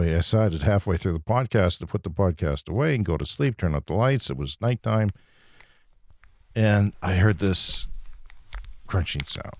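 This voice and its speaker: A man hosting a podcast, delivering an agitated, profane comedic rant that swings between loud outbursts and low muttering. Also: no room sound, studio quality. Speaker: podcast host. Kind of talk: ranting comedic monologue.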